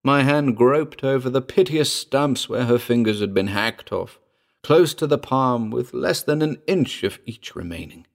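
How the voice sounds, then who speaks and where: Slow, gravelly male storyteller. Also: medium pitch, expressive. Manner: measured, dramatic storytelling. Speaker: narrator. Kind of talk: scripted audiobook narration.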